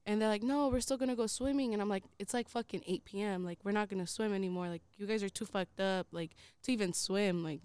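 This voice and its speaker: Young socal woman rambling a story, lots of likes and swearing, smooth clear voice, dry close mic. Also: mid-range voice, no room sound. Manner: rambling, heavy use of filler "like", swears often. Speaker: co-host. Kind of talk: casual storytelling conversation.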